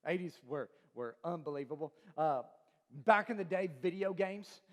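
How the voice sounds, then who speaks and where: A man's voice: on the high side, lively intonation, normal speed. A pastor in his forties giving a humorous sermon, joking, quizzing the crowd and laughing often. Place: large church auditorium. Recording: long reverb of a church hall.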